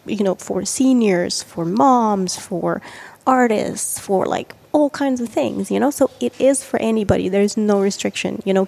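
Female guest, co-working operator, reflective, relaxed voice with fry. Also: medium pitch. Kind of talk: casual chat.

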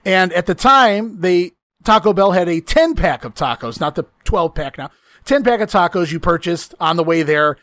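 A man's voice: high voice, lively intonation, moderate pace, fairly bright tone, no echo. A man hosting a casual chat, telling a long profane story, often laughing and acting out the lines he quotes.

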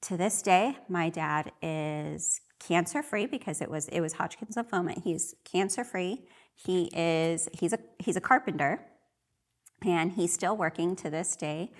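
Earnest woman with a lowish voice. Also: measured pace. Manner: earnest and emotional, often re-voicing her own prayers. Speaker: church member sharing her testimony. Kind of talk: personal faith testimony.

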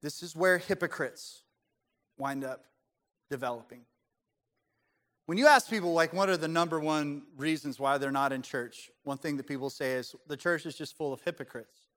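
A man preaching a sermon as pastor, animated and joking, putting on voices to make his points. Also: on the high side, moderate pace. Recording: long hall reverb.

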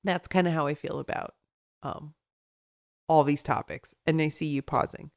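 A woman's voice: low-pitched, fairly even intonation, moderate pace, darkish tone. A woman with a Chicago accent co-hosting a podcast in casual chat, rambling with many fillers and restarts. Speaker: podcast co-host.

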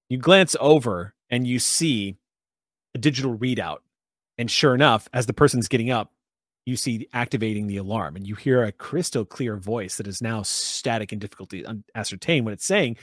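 Man, game master, descriptive narration, mid pitch, dry sound. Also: a little fast, dry recording. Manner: descriptive, conversational narration with fillers.

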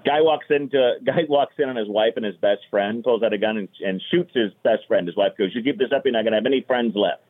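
A man's voice: lowish voice, fast, few pauses. A man telling dad jokes in a casual comedy podcast chat, jokey and self-deprecating, often trailing off mid-sentence. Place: golf course. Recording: tinny phone-like sound.

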